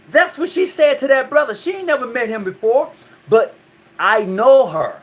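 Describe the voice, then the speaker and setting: A man's voice: very high-pitched, expressive, moderate pace. A man hosting a call-in talk show, talking loosely and often repeating his words.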